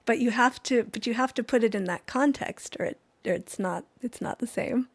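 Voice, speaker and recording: A woman's voice: fairly high pitch, moderate pace, no room sound. A woman hosting a live music stream, chatting in a rambling way between songs and laughing often. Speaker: livestream singer and host. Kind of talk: casual chat with chat viewers between songs. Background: music playing.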